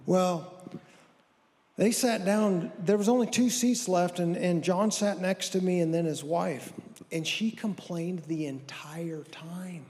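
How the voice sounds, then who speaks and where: Middle-aged male comic, high voice, folksy self-deprecating storyteller in a reverberant church hall. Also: slow pace, a little mellow. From American Southwest. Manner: folksy, self-deprecating, acts out others' lines. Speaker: stand-up comedian. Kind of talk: stand-up storytelling.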